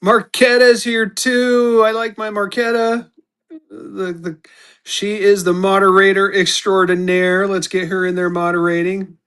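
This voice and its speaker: Male live auction host, rambling chatty delivery, slightly high voice. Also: little pitch movement, measured pace, fairly bright tone, clean tone. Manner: rambling and chatty, restarts, talks to viewers by name. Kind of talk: casual live-stream selling chat.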